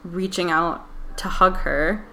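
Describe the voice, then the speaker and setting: Woman cohost telling a story casually, says like a lot, lowish voice. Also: fairly even intonation, slow, vocal fry, sharp tone. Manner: chatty storyteller, many fillers like "like" and "um". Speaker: podcast co-host. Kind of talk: casual chat, retelling a true crime story.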